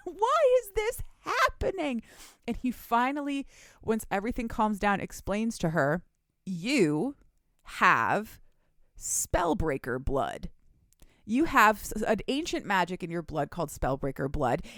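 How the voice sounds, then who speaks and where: A woman's voice: mid-range voice, dry recording, clean studio sound. A young woman co-hosting a podcast, casually and animatedly retelling a book's plot with laughs and swearing. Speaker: podcast co-host recapping a book. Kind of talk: casual chat.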